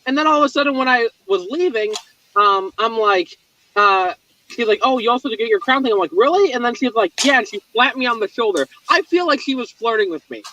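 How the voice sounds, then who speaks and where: A young man chatting casually on a livestream call, telling stories in an animated way and laughing often. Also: very high voice, a little fast, muffled recording, slight background noise. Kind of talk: casual chat.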